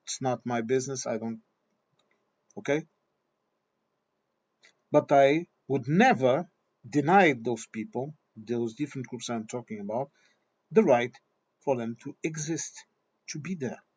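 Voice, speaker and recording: A man's voice: medium pitch, unhurried, pauses often, a little mellow, slightly rough. Blunt, swearing man on a dull recording. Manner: blunt, swearing, repeats himself. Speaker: vlogger. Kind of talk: opinion monologue.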